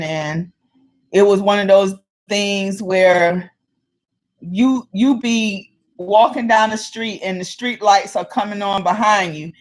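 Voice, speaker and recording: A woman's voice: mid-range voice, measured pace. A woman vlogger telling a personal story in a casual way and acting out the people in it. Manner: animated, acts out the people in her story.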